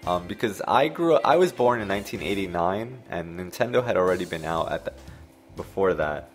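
Man in his 30s, lowish voice, casual rambling storyteller who laughs a lot, faint game music behind. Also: expressive, a little fast. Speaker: gameplay commentator. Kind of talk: casual storytelling over gameplay.

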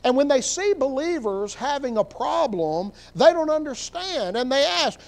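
High-voiced man preaching a sermon. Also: big pitch swings, a little slow, few pauses, poor audio. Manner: conversational preaching, rising to emphatic peaks. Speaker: pastor. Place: church sanctuary.

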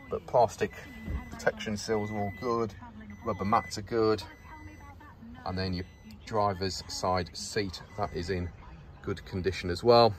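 A man with an English accent, a van dealer, giving a casual, matter-of-fact walkaround of a pickup truck for sale. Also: on the low side. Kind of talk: vehicle walkaround sales video. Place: inside and around a pickup truck, outdoors. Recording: noisy outdoor vehicle recording.

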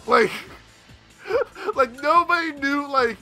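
Excitable young man yelling over game music. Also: very high voice, slow pace. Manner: excitable, swears a lot, yells at enemies. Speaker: gameplay commentator. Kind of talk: let's play commentary.

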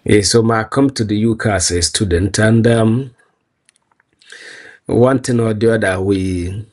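A Nigerian man with a Nigerian accent answers questions in a casual street interview, earnest and proud and quick to laugh. He speaks at a measured pace in a lowish, darkish voice.

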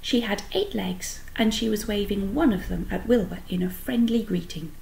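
A woman reading a children's book aloud, pausing to explain words to young listeners. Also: medium pitch, gravelly, a little mellow, slight background noise, low-quality recording. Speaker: storyteller.

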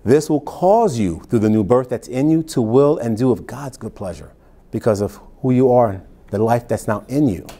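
This male pastor's sermon alternates between slow verse readings and plain, conversational explanation. He sounds animated, with a medium pitch and a dark tone.

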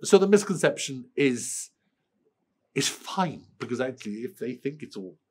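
A middle-aged Welsh man with a cold, answering interview questions in a lively way, often restarting and repeating words. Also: mid-range voice, normal speed, husky. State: has a cold. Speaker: screenwriter interviewee.

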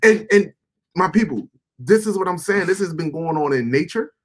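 High-voiced husky man, animated profane host. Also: normal speed. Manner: animated, profane, addresses viewers as "my people". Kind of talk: casual reaction commentary.

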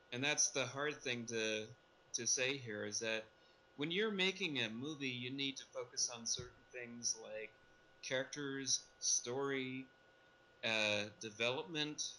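Bright-voiced man rambling on a podcast. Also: mid-range voice, slight background noise, poor audio. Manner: rambling, self-correcting. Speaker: podcast co-host. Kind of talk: casual podcast discussion.

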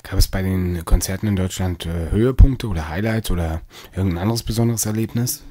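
Male radio interviewer with a low, mellow voice, speaking hesitantly and somewhat off-mic. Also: fast talker. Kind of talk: asking interview questions.

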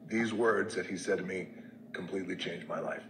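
Deep-voiced man recounting his past candidly, loose and halting, in an echoey room. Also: steady tone, noisy background. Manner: candid, conversational, lots of fillers and restarts, drops soft at reflective moments. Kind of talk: personal storytelling.

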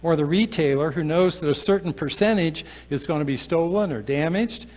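A pastor preaching a sermon, often slowing down and dropping to a soft, low voice to stress a point. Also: male voice. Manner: slows down and drops to a soft, low voice for emphasis. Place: church sanctuary. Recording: long church reverb.

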